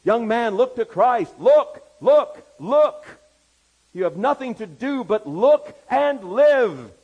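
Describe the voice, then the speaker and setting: A man's voice: very high-pitched, sing-song, takes it slowly, slightly rough, muffled recording, pitched above the performer's own voice, exaggerated voice. A man voicing a plain-spoken, fervent lay preacher with a broad Essex accent, exhorting from the pulpit. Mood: fervent pleading.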